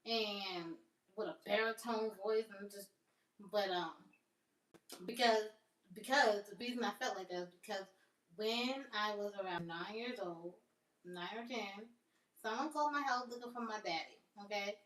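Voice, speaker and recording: A woman's voice: medium pitch, moderate pace, fairly bright tone. A woman chatting casually on a live stream, rambling and amused by her own jokes. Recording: roomy, distant from the mic.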